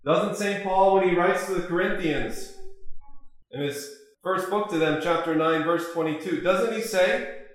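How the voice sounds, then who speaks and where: A man preaching a sermon as an Orthodox priest, measured and full of rhetorical questions. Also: sits high. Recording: very echoey church.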